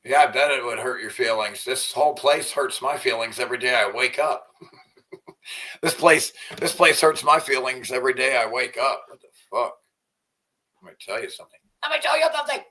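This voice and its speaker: A man's voice: mid-range voice, brisk, bright, forceful tone. A man livestreaming from home, ranting angrily and swearing a lot as he chats with viewers. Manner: angry, profane ranting. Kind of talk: livestream rant and chat.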